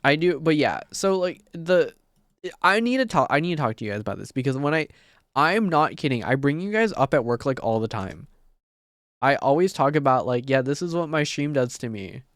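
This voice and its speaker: A man chatting live on stream at a desk mic, excitable and rambling, swearing often. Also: mid-range voice, moderate pace, dry recording, studio quality. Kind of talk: casual live-stream chat. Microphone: desk mic on a mic arm.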